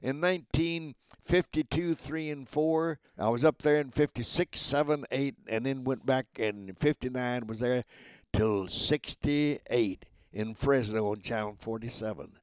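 A man's voice: mid-range voice, unhurried, clear, resonant tone, dry recording, clean studio sound. Chatty man in his nineties. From Oklahoma. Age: 90s. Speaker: guest, voice actor. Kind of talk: casual interview chat.

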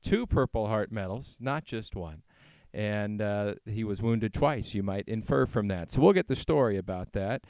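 A man interviewing a veteran, asking measured, prepared questions. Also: on the low side, expressive, a little mellow, clear, resonant tone, no room sound. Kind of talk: oral history interview.

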